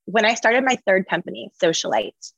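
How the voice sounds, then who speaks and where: A woman author and entrepreneur, speaking as an interview guest in an energetic, emphatic, motivational way. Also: medium pitch, moderate pace, creaky, slightly rough, no echo, muffled recording. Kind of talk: conversational interview.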